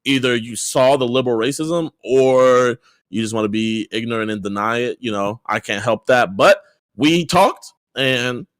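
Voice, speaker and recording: A man's voice: medium pitch, moderate pace, no echo, clean studio sound. Upbeat rambling young man guest. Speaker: streamer guest. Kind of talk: casual livestream chat.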